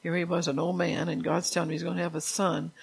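A woman's voice: on the low side, flat delivery, fast talker, gravelly, breathy edge. An older woman leading an informal Bible study, telling personal stories and asking the group questions. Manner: chatty, testimonial, asks the group questions.

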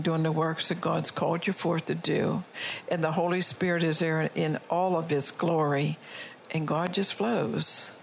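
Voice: medium pitch, creaky, a little hiss or hum, low-quality recording. Preacher reading prophecy to a congregation. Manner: reads prophecy and scripture aloud, often checks in with "all right?". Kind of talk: sermon.

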